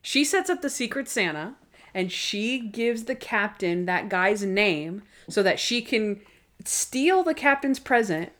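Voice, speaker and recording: A woman co-hosting a podcast, chatting casually and recapping TV episodes with lots of "like" and quick asides. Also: medium pitch, expressive, fairly bright tone. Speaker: podcast co-host.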